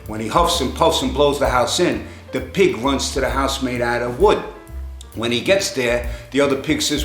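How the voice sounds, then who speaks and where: A man's voice: medium pitch, moderate pace, fairly bright tone, reverberant, faint music behind. A man telling jokes in a rambling, conversational way, raising his voice to act out the characters. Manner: rambling storyteller, acts out characters in raised voice. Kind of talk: joke telling.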